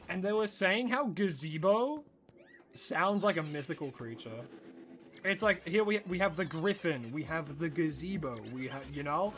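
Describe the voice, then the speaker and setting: A young man streaming a game, telling stories to his chat in an animated way and laughing often. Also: a little high. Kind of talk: casual live-stream chat while gaming.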